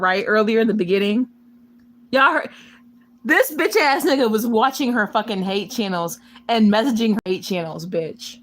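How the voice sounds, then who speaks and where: Animated high-voiced woman host, slow and sassy. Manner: loud, laughing, profane and sassy. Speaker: reaction channel host. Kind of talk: casual commentary on a clip.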